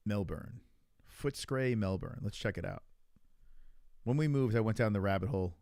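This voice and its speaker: A man's voice: fairly low pitch, lively intonation, moderate pace, creaky, a little mellow, no echo. A man streaming live, talking loosely to his chat in a voice that rises and falls a lot. He rambles and swears as he reacts to clips. The sound is dry and close, with no room around it. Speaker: streamer host.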